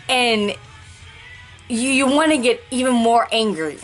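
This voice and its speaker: A woman's voice: on the high side, a bit bright, faint music behind. Candid woman groping for words. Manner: rambling, searching for words, with restarts and sighs; slow, deliberate pacing. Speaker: vlogger sharing life after a stroke. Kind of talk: candid personal vlog.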